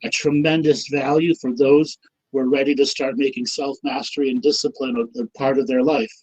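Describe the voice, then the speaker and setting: A man co-hosting an online talk show, leading a slow, calm guided meditation with soothing instructions. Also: mid-range voice, breathy edge, poor audio. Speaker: co-host leading a guided session.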